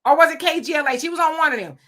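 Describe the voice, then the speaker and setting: A middle-aged woman hosts a relaxed live stream, a little high in pitch with a bright, forceful tone. She chats freely, laughs often and answers her viewers as she goes. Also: rapid-fire. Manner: chatty, laughs often, talks back to viewers. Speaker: live-stream host reading chat. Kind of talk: casual live-stream chat.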